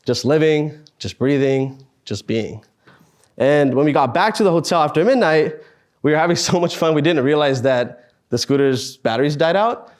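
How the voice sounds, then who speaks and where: A man in his twenties, speaking at a student meetup, telling a personal story in an earnest, halting way with sighs and pauses. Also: fairly high pitch. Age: 20s.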